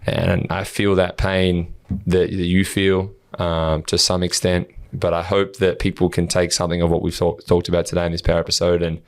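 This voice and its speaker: A man's voice: sits low, flat delivery, normal speed. A man co-hosting a podcast, talking earnestly and swearing freely as he acts out his replies to online trolls. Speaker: podcast co-host. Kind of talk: casual podcast chat.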